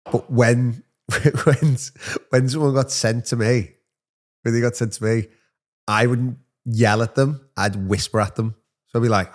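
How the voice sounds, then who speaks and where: A man co-hosting a chat show, a former teacher who talks in a relaxed, reflective way and laughs along. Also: mid-range voice. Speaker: podcast co-host, former teacher. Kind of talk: casual chat.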